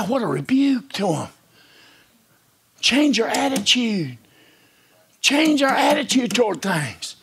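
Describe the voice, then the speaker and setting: A male preacher delivers a sermon with a high, gravelly voice that leaps around in pitch. He talks in a folksy, repetitive way, fires rhetorical questions, and swings between near-whispers and shouts. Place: church service.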